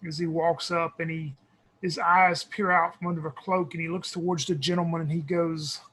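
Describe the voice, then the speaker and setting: A man playing a tabletop game, describing his thief character deliberately. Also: fairly high pitch, little pitch movement, fairly bright tone, husky, poor audio. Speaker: player.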